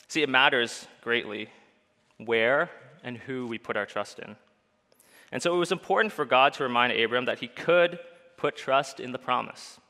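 A man's voice: medium pitch, expressive, unhurried, pauses often, pushed and bright. A man preaching a sermon as pastor, earnest, putting many questions to the listeners. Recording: long hall reverb.

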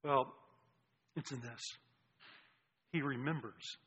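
Husky pastor preaching in a reverberant hall. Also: male voice, medium pitch, slow pace. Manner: earnest, with repeated restarts and swings from loud to hushed. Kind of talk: sermon. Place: church sanctuary. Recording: dull lo-fi sound with long hall reverb.

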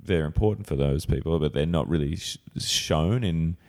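An Australian man chatting casually as a podcast guest, relaxed and chuckling, trailing off with fillers. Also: a bass voice, moderate pace. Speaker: podcast guest, comedian and actor. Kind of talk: casual chat.

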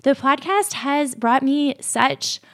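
A woman hosting her own podcast, talking warmly and heartfelt as she thanks her listeners, a little teary. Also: high-pitched, expressive, slow. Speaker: podcast host. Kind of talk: casual solo podcast talk.

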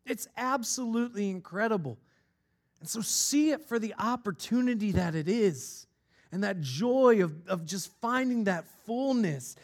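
Male pastor, high voice, conversational sermon, storytelling with playful asides. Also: lively intonation, a little slow. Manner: conversational preaching with personal stories and playful asides.

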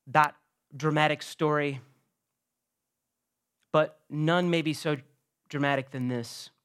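Earnest preacher man, swelling and hushing. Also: a little high, fairly even intonation, slow, clean tone. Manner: earnest storytelling preacher, swells louder for emphasis then drops quiet. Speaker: pastor. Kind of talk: sermon.

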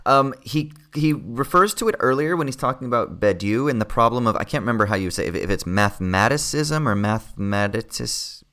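A man's voice: mid-range voice, fast talker, hardly any pauses, fairly bright tone. A man co-hosting a casual philosophy discussion, thoughtful and searching for words with frequent fillers. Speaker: podcast co-host.

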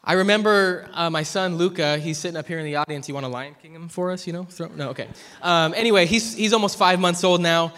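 A young man preaching a sermon at church, telling a personal story earnestly and dropping from loud to hushed. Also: a little high, quick pace, few pauses. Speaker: pastor. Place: church hall. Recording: long hall reverb.

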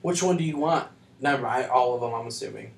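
A man's voice: medium pitch, fast talker, vocal fry. A man co-hosting a podcast in casual chat, mostly giving short replies. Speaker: podcast co-host.

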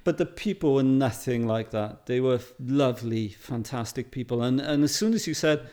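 A middle-aged Welsh man talks at an easy, storytelling pace. He fills his sentences with ums and little laughs and sounds relaxed and conversational. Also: mid-range voice, normal speed. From Wales. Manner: chatty, anecdotal, laughs often, many fillers. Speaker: photographer guest. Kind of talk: casual interview chat.

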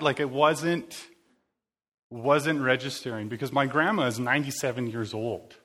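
A man's voice: mid-range voice, normal speed, fairly bright tone. Man, preacher, casual rambling talk, informal sermon. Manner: rambling, informal, full of "like" and fillers.

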